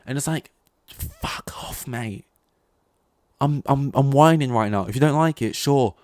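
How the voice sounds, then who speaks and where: A man's voice: medium pitch, fairly quick, darkish tone, no room sound. A young man hosting a solo podcast, ranting in a rambling, exasperated way and swearing often. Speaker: podcast host.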